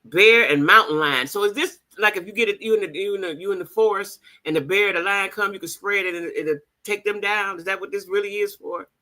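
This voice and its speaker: A woman's voice: medium pitch, fairly quick, few pauses, bright, forceful tone. A woman hosting a casual livestream, chatting with her audience and reading their comments aloud. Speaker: livestream host.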